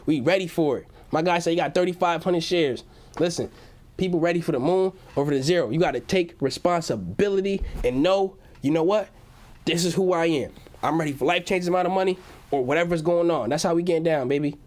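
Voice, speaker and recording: A man's voice: fairly high pitch, fast, darkish tone. A young man hosting a casual livestream from home, hyped and slangy, reading out chat messages. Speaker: livestream host.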